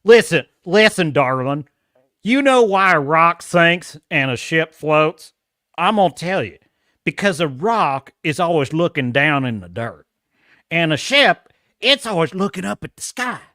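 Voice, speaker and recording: A man's voice: on the high side, sing-song, unhurried, pushed and bright, dry recording, clean studio sound, pitched below the performer's own voice, full character voice. A man doing a drawling country fella. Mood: folksy.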